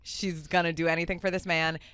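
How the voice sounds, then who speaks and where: A woman's voice: lowish voice, flat delivery, brisk, fairly bright tone, smooth, no room sound. A woman hosting a podcast, chatting casually and recapping with lots of fillers on a close mic. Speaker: podcast host. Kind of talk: casual chat.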